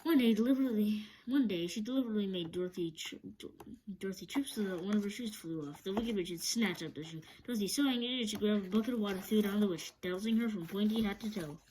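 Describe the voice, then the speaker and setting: A woman reads a children's book aloud in a mid-pitched, everyday voice. She keeps a steady storytelling pace, often stumbling and going back over a word. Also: fast talker, slight background noise, rough recording. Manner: steady reading with frequent stumbles and restarts.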